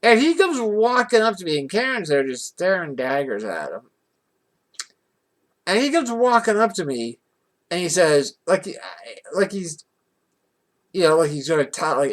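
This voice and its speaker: A vlogger telling a personal story in a casual, rambling way, with restarts and rising indignation. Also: mid-range voice. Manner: rambling and animated, with many restarts.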